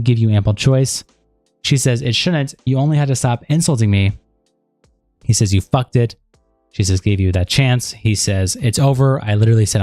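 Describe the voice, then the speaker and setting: Mellow-voiced man reading on stream. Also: mid-range voice, dry recording. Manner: steady reading with rambling casual asides and fillers. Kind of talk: reading chat logs aloud on a live stream.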